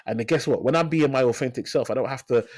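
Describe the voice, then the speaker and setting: A man in his thirties, a financial advisor, talking in a casual interview as an energetic storyteller who repeats phrases for emphasis. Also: medium pitch, fast, no echo, clean studio sound. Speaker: financial advisor, podcast guest.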